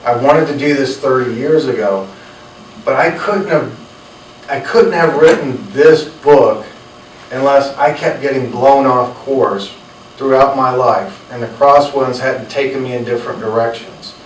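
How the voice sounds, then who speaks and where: A man's voice: medium pitch, measured pace, slight background noise. A man, an author telling earnest stories to a live audience and acting out the dialogue he quotes. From North Carolina. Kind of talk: storytelling talk to an audience. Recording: roomy, from a distant mic.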